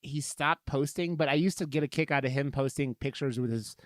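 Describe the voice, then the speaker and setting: A man hosting a podcast at an ordinary pitch, talking in a loose, profane ramble that jumps into animated bursts. The sound is dry and close to the mic, with no room around it. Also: fairly quick, no echo. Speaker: podcast host. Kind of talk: casual chat.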